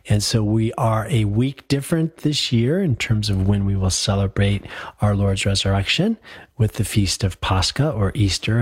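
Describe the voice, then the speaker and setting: A man, a priest hosting a live call-in radio show, his voice gravelly and hoarse from illness, talking in a relaxed, rambling way with many fillers. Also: medium pitch, dry recording, clean studio sound.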